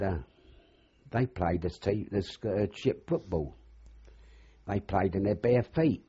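A man's voice: sits low, warm tone, slightly rough. An older man being interviewed, rambling through anecdotal memories and acting out the dialogue as he goes. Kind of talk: oral history reminiscence. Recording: dull lo-fi recording.

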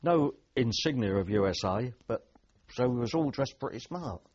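A man's voice: medium pitch, animated, moderate pace, darkish tone, breathy edge, highs cut off. An older man, a veteran telling rambling anecdotes with dry humour in an oral history interview.

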